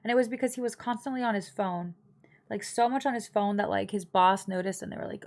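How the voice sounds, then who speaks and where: A woman's voice: medium pitch, fast talker, darkish tone. Young woman streamer, casual and blunt, gossipy family storytelling for her live chat, full of fillers.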